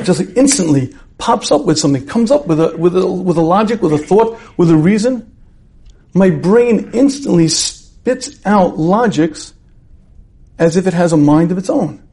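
A man's voice: fairly high pitch, warm tone. A man teaching a religious class in a conversational way, posing rhetorical questions and acting out everyday scenes. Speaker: Torah teacher. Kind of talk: lecture on repentance.

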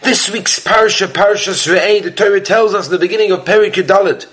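High-voiced man preaching a Torah talk. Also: animated, normal speed, fairly bright tone. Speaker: rabbi giving a weekly Torah talk. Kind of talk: sermon storytelling.

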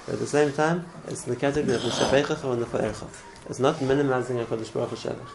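A man's voice: mid-range voice, fairly even intonation, rapid-fire, vocal fry, background noise. A man teaching a religious class in an earnest way, often repeating words and restarting his phrases. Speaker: Torah teacher.

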